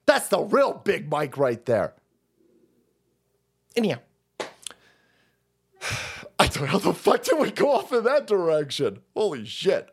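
Profane male streamer ranting, somewhat high voice with big swings in pitch. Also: very animated, a little slow, creaky, long pauses, husky. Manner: foul-mouthed, rambling, sarcastic. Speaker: host. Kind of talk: ranting political commentary stream.

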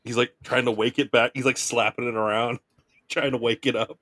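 A medium-pitched man with little pitch movement and a slightly bright tone co-hosts a podcast at a moderate pace, recorded with no room sound. His casual, profane talk swings from heated, swear-filled ranting to laughter and joking.

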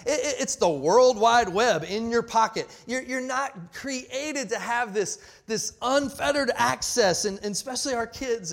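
A man in his forties preaching a sermon, passionate and full of restarts, swinging between loud emphasis and quiet asides. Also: very high voice, measured pace, few pauses. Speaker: pastor.

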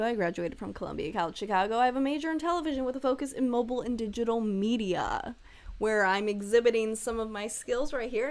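A woman's voice: medium pitch, a little mellow. Rambling, jokey young woman podcaster. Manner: candid, rambling, full of "like" and asides; jokey and irreverent, laughs often. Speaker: podcast host. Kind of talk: casual solo podcast chat.

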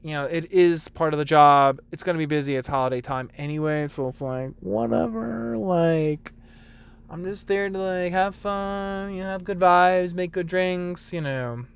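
Chatty young man with a smooth voice. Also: moderate pace. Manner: chatty, full of likes, acts out customers in a high sing-song voice. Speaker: barista vlogger. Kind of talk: casual rambling monologue.

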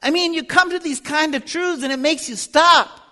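A man's voice: very high-pitched, normal speed, sharp tone. A man teaching a Bible lesson in sermon style, earnest and building to fervent appeals. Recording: long reverb of a hall.

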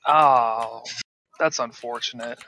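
Slow, deadpan male co-host. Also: mid-range voice, slight background noise, rough recording. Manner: dry, deadpan quips. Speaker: podcast co-host. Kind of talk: casual chat.

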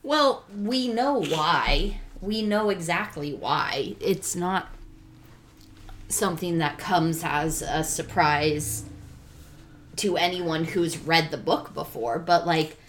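Low-voiced woman in casual book chat. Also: slow, slight background noise. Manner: musing, quotes characters in passing.

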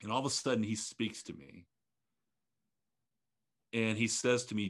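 In an interview, a man in his fifties who leads a ministry reflects earnestly on his own story in a fairly low voice at normal speed. He frequently stops partway through sentences and starts them again.

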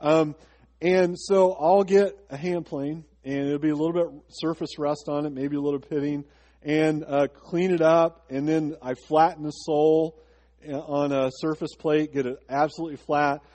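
A man's voice: fairly high pitch, steady tone, moderate pace, a little mellow, big-room sound. A man pastor preaching a sermon to his congregation, asking rhetorical questions and slipping into a chatty personal story. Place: church sanctuary.

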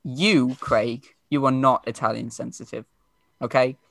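A young man co-hosts a chatty podcast, answering listener questions with deadpan jokes and easy laughter. His voice is bright and pushed forward. The sound is dry and close to the mic. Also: mid-range voice, a little slow, creaky, no room sound. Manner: joking, deadpan, laughs often. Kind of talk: casual podcast chat.

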